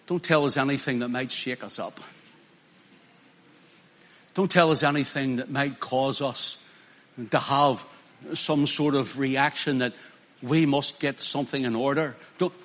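A man's voice: mid-range voice, a bit bright. A man preaching a sermon in an emphatic way, acting out quoted voices with mocking asides.

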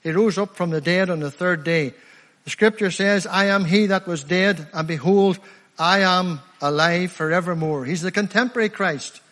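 Fervent Northern Irish preacher in a hall. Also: male voice, sits high, fairly bright tone. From Northern Ireland. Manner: fervent, emphatic, slows down to stress key phrases. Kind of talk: evangelistic sermon. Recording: echoey hall, long reverb.

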